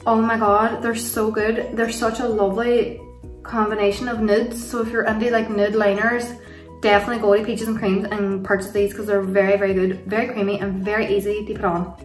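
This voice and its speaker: A woman's voice: medium pitch, flat delivery, a little fast. An Irish woman in her young adult years talks through her makeup routine at home, chatty and gushing, laughing often. She sits a little away from the mic, so her voice carries a roomy echo. Faint music plays underneath. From Ireland. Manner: chatty and rambling, gushing over products with frequent laughs. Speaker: beauty vlogger. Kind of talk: casual makeup tutorial and Q&A chat. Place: home room, kids nearby. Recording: roomy sound from a distance.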